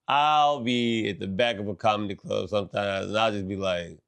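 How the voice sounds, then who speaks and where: A middle-aged man with a somewhat low voice talks on his podcast in a loose, rambling rant. He is casual and animated, dropping slang and swearing as he goes. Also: normal speed, vocal fry, few pauses. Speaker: podcast host. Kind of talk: casual monologue.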